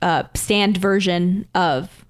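A woman's voice: on the low side, slow. A woman co-hosting a podcast, recapping an episode in casual chat, rambling with many fillers and acting out the characters' lines. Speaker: podcast co-host.

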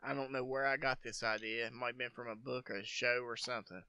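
A man's voice: medium pitch, fairly even intonation, quick pace, bright, forceful tone, clean tone, highs cut off. A man hosting a podcast, telling long profane stories in casual chat, laughing often. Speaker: podcast host.

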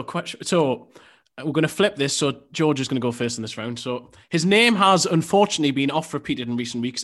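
A man acting as quiz master on a football podcast, reading questions and options in a dry, even delivery. His voice sits at a middle pitch.

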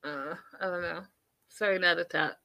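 A woman's voice: on the low side, normal speed. A woman hosting a podcast, giving a casual, opinionated recap of a reality show, acting out what people said. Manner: animated, opinionated, acts out quotes. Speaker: podcast host reviewing reality TV.

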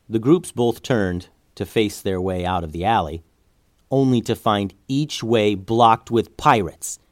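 A man reads an action-packed adventure story aloud with lively storytelling. His voice sits on the low side. The recording is dry with almost no room echo. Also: unhurried. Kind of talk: storybook narration.

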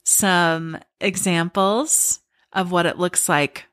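A woman hosts a casual podcast conversation, her voice sitting a little low. She rambles easily with plenty of "like"s. The recording is dry and close, with no room sound. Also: slow pace, smooth, no room sound. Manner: relaxed, chatty, uses many fillers like "like". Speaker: podcast host.

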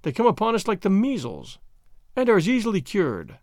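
A man's voice: high voice, wildly swooping pitch, a little fast, a little mellow, dry recording, studio quality. A man reading a story, voicing a witty, bored young French noblewoman with a gay, teasing manner. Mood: arch, teasing. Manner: gay, teasing, airy delivery.

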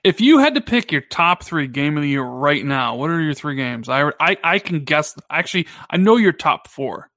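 A man co-hosting a gaming podcast, talking in a casual, teasing way and jumping up in pitch when he jokes. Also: normal speed, hardly any pauses, no echo, clean studio sound. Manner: animated, teasing, pitch jumps up when joking. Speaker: podcast co-host.

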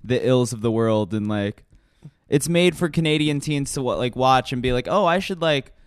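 A man's voice: mid-range voice, clear, resonant tone, dry recording. A man co-hosting a casual chat, rambling and laughing as he retells scenes. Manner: rambling, laughing, quick retellings with put-on quotes.

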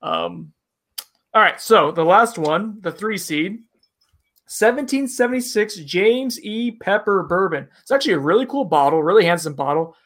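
A man's voice: high voice, expressive, moderate pace, fairly bright tone. A man co-hosting a casual bourbon review chat, rambling and self-deprecating, with lots of fillers.

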